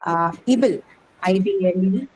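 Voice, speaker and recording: A woman's voice: mid-range voice, unhurried, a little mellow, breathy edge, poor audio. A woman teaching an English class, explaining step by step and often checking that the student follows. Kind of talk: online class lecture.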